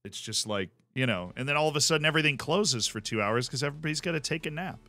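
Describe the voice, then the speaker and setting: Lively, bright-voiced American man streaming. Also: on the high side, fast. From United States. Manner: rambling, chatty, reacts aloud to the game. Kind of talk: casual live-stream chat while gaming.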